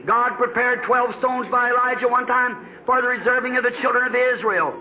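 Man, preacher, folksy fervent sermon, very high voice, muffled old recording. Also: fairly even intonation, a little fast, a little hiss or hum. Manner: folksy storytelling, rising to fervent exclamations. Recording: dull lo-fi archival sermon tape.

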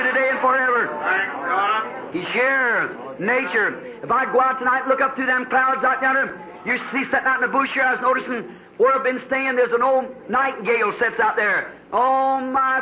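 A preacher delivers a sermon in a folksy storytelling way that swells into fervent cries. His voice sits unusually high for a man. The recording is dull and lo-fi, with faint background noise, like an old archival tape.

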